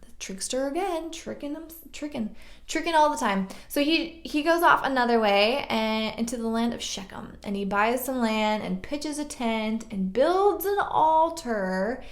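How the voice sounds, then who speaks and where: A woman's voice: on the high side, lively intonation, a little slow. A woman casually retelling a Bible story, chatty and slangy, with joking asides. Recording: roomy echo.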